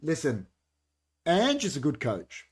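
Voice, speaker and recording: A young Australian man co-hosting a casual football chat on a livestream, animated and quick to jump in, reading out viewer comments. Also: on the high side, slightly rough. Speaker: podcast co-host.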